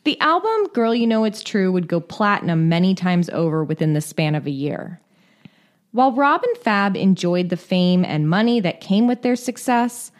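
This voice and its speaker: Woman co-host reading a pop story. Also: lowish voice. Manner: reads quotes aloud, breaks into laughter. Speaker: podcast co-host. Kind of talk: reading a script with casual asides.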